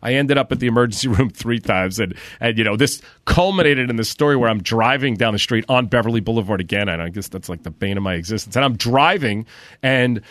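A middle-aged man from New York, a podcast guest telling stories in casual interview chat, animated and swearing freely. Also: medium pitch, quick pace, no echo, studio quality. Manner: animated storyteller, swears freely, acts out quotes loudly.

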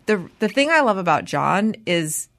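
A woman co-hosting a podcast, chatting casually as a mother and acting out quoted lines in a high, animated voice. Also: normal speed. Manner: animated storyteller who acts out quotes in a high voice. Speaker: podcast co-host. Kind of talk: casual chat.

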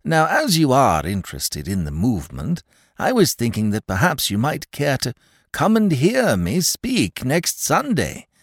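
A man's voice: medium pitch, huge pitch swings, unhurried, husky, no echo, clean studio sound, voice pushed up, heavily acted. A man voicing a kindly, eager older bank clerk who stammers and hesitates with nervous fillers.

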